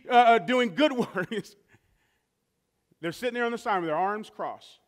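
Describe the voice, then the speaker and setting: A man preaching a sermon as pastor, rising to drawn-out shouted repetitions and dropping to slow, quiet stretches. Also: extremely high pitch, lively intonation.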